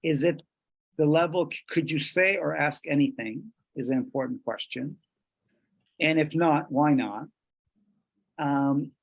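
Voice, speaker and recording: A man from Colombia, presenting a workshop in a measured way, pausing and restarting as he switches between English and Spanish. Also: on the high side, creaky, husky.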